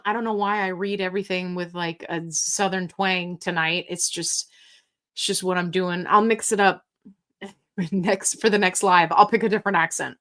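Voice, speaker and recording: A woman's voice: lowish voice, steady tone, normal speed, a bit bright. A woman hosting a casual live stream, chatting and reading viewer comments aloud in an upbeat, talkative way. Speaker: livestream host answering viewer questions.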